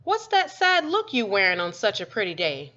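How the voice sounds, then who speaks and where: A woman's voice: medium pitch, wildly swooping pitch, moderate pace, sharp tone. A woman voicing a genteel, touchy older woman neighbor with a sing-song manner. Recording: dull lo-fi recording.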